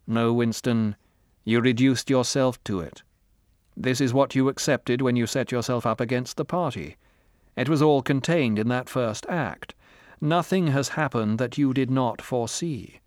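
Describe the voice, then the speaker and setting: A man's voice: medium pitch, a little slow, darkish tone, no room sound, studio quality, natural voice. A man voicing a cold, menacing middle-aged male interrogator in an audiobook, with a harsh, commanding, contemptuous manner. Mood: cold, calm. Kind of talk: audiobook character reading.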